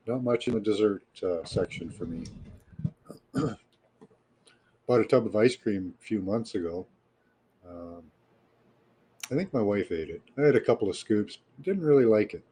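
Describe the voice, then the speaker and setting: A man with a Canadian accent, hosting a live stream in a relaxed, rambling way and chatting casually with viewers. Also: low voice, breathy edge, poor audio. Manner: relaxed and rambling, with frequent fillers. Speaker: livestream host.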